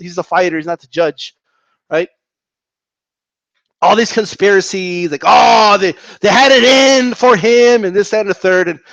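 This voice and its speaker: A man rants at his viewers about boxing. He argues and mocks, and his high voice leaps all over the place. The recording is dry and a little muffled. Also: dry recording. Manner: animated, argumentative, mocks opponents in high voices. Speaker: boxing commentator. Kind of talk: casual ranting commentary.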